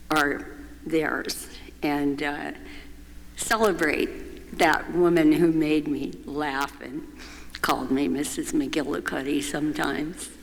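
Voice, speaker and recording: An older woman giving a warm, reminiscing eulogy with gentle amusement at a memorial service in a church. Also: sits low. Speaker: memorial speaker. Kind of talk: personal eulogy. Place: church sanctuary. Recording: long church reverb.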